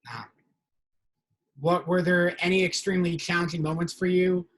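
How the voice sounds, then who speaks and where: A young man with a husky, slightly breathy voice, pitched a touch higher than most men, hosting a casual interview. He tells stories with lively energy and acts out the lines he quotes. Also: moderate pace, poor audio. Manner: animated storyteller, acts out quotes. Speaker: podcast host.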